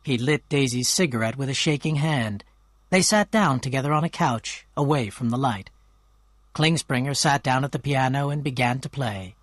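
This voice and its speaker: Man reading a story for learners, clear and measured, mid voice, dry close mic. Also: medium pitch, a bit bright, dry recording. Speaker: narrator. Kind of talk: scripted storybook narration for learners.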